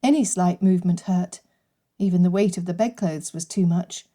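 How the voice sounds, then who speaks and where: A woman narrating an unabridged audiobook in a measured, even storytelling manner. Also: lowish voice. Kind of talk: scripted narration.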